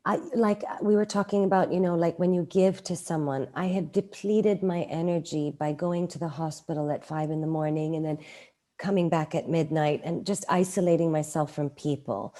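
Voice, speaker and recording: A middle-aged woman telling a personal story in a casual interview, animated and acting out quoted lines. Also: normal speed. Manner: animated, acts out quoted lines with raised pitch. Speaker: guest.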